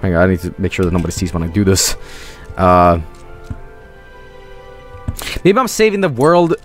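A man streaming a video game, rambling and swearing in casual commentary with sudden high-pitched outbursts. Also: huge pitch swings, normal speed, faint music behind.

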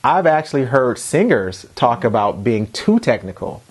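A man hosting an interview and asking measured questions, often nodding along with short affirmations. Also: mid-range voice, very animated, breathy edge. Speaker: interview host and college teacher.

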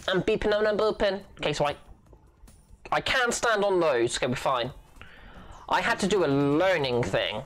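Goofy, lively let's-play host. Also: mid-range voice, moderate pace, soft background music. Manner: playful and goofy, with silly sound effects. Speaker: gaming channel host.

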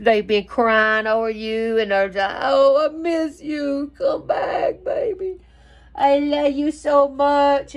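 A woman giving a casual tarot reading, talking emphatically in a rambling way and swearing freely. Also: medium pitch. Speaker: tarot reader.

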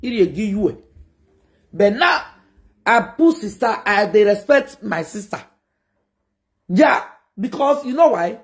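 A woman with a Nigerian Pidgin accent hosting a gossip reaction video, scolding and mocking with sudden shouts. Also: medium pitch, animated, takes it slowly, pauses often. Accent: Nigerian Pidgin English. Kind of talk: animated reaction commentary.

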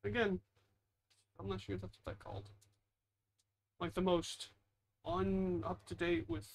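A man's voice: high-pitched, flat delivery, unhurried. A man giving casual gameplay commentary as a gaming YouTuber, chatty and talking to himself while he plays.

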